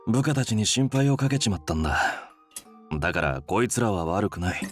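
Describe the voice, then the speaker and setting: A man's voice: lowish voice, animated, very fast, soft background music, lightly acted. An actor playing a brusque, teasing older male office director in a game. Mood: gruff, teasing. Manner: brusque, teasing, rough speech. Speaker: game character.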